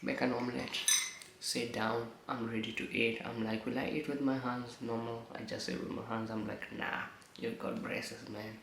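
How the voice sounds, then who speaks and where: A man with a slight lisp from new braces vlogs casually, telling stories in a chatty, rambling way and swearing now and then. His medium-pitched voice is monotone with vocal fry at a moderate pace. The room echoes, and there is background noise.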